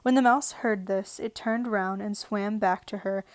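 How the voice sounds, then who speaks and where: A woman narrating a storybook aloud in a calm, even read-aloud manner. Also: medium pitch, unhurried, no echo. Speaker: audiobook narrator. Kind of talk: storybook reading. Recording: dry home recording. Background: faint television sound.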